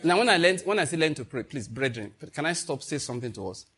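Male pastor, fairly high husky voice, animated sermon delivery that acts out everyday exchanges. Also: quick pace. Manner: animated preaching, acting out little dialogues, often laughing.

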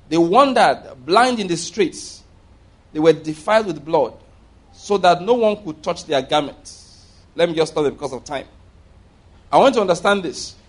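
High-pitched preacher man reading scripture. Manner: reads scripture aloud with emphatic stresses, occasional restarts. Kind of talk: sermon.

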